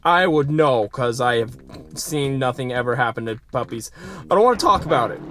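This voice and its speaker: A let's play host talks through a retro shooter in a casual, goofy way, with a voice that leaps up and down and sudden excited yelps. Silly sound effects and chatter aimed at the enemies fill the gaps, while quiet game music plays behind. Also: mid-range voice, normal speed. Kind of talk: casual gameplay commentary.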